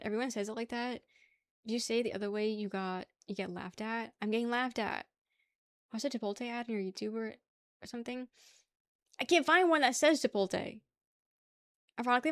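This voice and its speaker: A woman's voice: on the high side, no room sound. A young woman from New York with a New York accent, chatting casually with her stream viewers, teasing them and laughing often.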